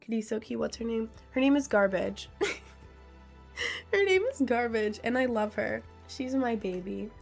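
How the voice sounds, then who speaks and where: A woman's voice: a little high, expressive, measured pace, vocal fry, faint music behind. A young woman streamer in casual live-stream chat. She giggles often, reads viewers' questions aloud, and answers them playfully.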